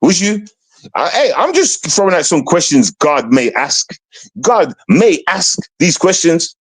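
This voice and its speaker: A man's voice: high voice, big pitch swings, a little slow, slightly rough, no echo. A male streamer talking in casual stream chat, taunting and swearing a lot.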